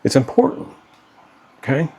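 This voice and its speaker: A middle-aged father talks directly to the camera in a personal vlog addressed to his children, earnest and pleading and often asking "okay?" His voice is warm and moderately paced, and he's growing hot and worked up.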